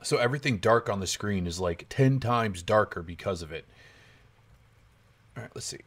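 Young male let's-player, husky, jittery, lively swings in pitch, talks to himself constantly. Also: normal speed. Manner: jumpy, nervous, talks to himself, yelps when startled. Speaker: gaming YouTuber. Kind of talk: horror game let's play commentary.

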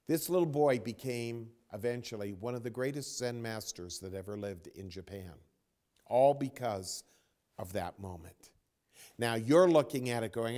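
A man giving a spiritual talk as a teacher, telling a story with dramatic pauses and dropping to a near whisper. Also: medium pitch, expressive, a little mellow. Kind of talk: spoken dharma talk.

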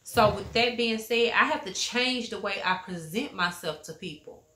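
A woman's voice: mid-range voice, normal speed, sharp tone, echoey room. A middle-aged woman with a Southern US accent chatting frankly in a family vlog, lecturing like a mother. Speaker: vlogger, mother. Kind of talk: casual family vlog chat.

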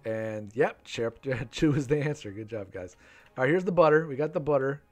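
A man's voice: mid-range voice, expressive, normal speed, darkish tone, faint music behind. A man in his thirties hosting a live game stream, chatting with viewers and reading their names from the chat.

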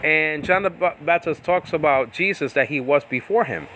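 A man's voice: on the high side, moderate pace, pushed and bright, slight background noise. A man teaching Bible Greek in a loose, rambling way, breaking off into tangents and laughing. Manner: rambling, self-interrupting, laughs often. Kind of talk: casual teaching talk with tangents.

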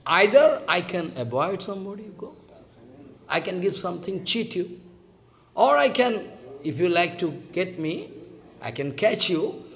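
Man, Bengali accent, devotional sermon, high voice, gravelly, emphatic and scolding. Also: fairly bright tone. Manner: emphatic, scolding, repeats phrases, acts out quotes. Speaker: spiritual teacher.

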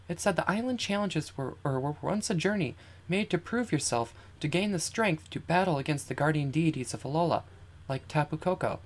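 A shy, gentle young girl, as a gamer reads her lines aloud, soft and earnest in a game. The voice sits higher and quieter than a normal speaking voice, polite and a little timid. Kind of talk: reading game text aloud in character.

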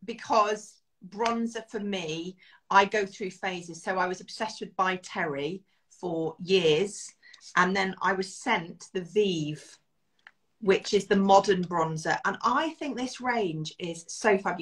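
A woman's voice: medium pitch, takes it slowly, a bit bright. A middle-aged British woman, a guest in a casual beauty chat, enthusiastic and self-deprecating, laughing often.

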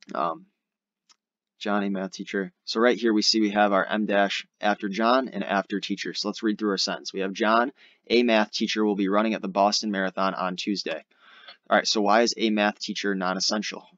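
A man's voice: lowish voice, a bit bright, dry recording, dull audio. Casual young man teaching SAT grammar. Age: young adult. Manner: casual, explanatory, uses fillers like "all right". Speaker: SAT tutor. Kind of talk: screen-recorded grammar lesson.

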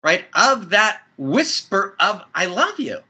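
A man's voice: high-pitched, very animated, slow pace, sharp tone, breathy edge. A man speaking as an interview guest in a spiritual conversation, effusive and building to soaring emphatic peaks, talking from a friend's house.

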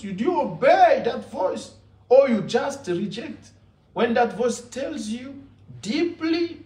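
Preaching a sermon from far off in an echoey room, a man speaks slowly with a high, lively voice. He relies on emphatic repetition, and the recording sounds roomy and reverberant.

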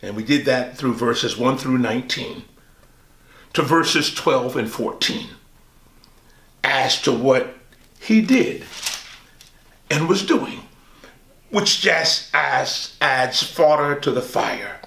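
A male pastor teaching a Bible study, swooping high on quoted lines and asking the listeners questions. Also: slow, gravelly, long pauses, pushed and bright, echoey room.

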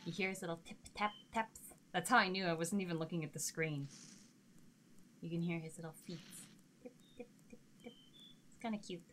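A woman streamer giving casual let's-play commentary, chatty and talking to herself and the game, swinging between nervous and excited. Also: on the low side, fairly quick, slight background noise.

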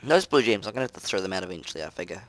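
A young man giving let's play commentary over a close mic, muttering to himself and breaking into loud, excitable outbursts. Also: deep voice, very fast. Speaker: gaming commentator. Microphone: close desk mic.

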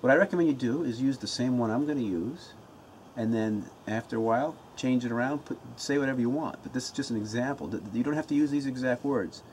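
A man's voice: medium pitch, quick pace, darkish tone, slight background noise. A man giving a casual self-help talk to the camera from his home, earnest and pumped up, often restarting and repeating his words. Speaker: motivational vlogger.

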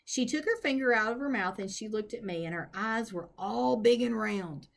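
A woman reading a children's novel aloud in an expressive, storytelling manner. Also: a little high, moderate pace, gravelly. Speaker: reader.

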